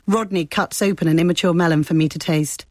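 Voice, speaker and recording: Low-voiced woman reading a dispatch. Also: fairly even intonation, no echo. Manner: measured, descriptive storytelling. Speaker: foreign correspondent. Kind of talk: scripted radio reportage.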